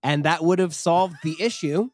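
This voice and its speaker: A young man chatting casually, telling a travel story with lively acted quotes and frequent laughs. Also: a little high, moderate pace, no echo. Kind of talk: casual chat.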